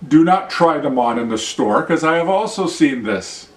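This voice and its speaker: A man's voice: a little high, expressive, moderate pace. A man hosting an opinion vlog, talking bluntly with a ranting, profane manner. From Canada. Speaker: show host. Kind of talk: opinion vlog monologue and demonstration. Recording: roomy sound, mic at a distance.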